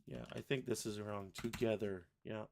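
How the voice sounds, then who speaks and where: Gravelly man demoing software live. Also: on the low side, steady tone, normal speed, a little hiss or hum. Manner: thinking aloud, self-correcting. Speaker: software livestream host. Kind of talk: casual live software demo.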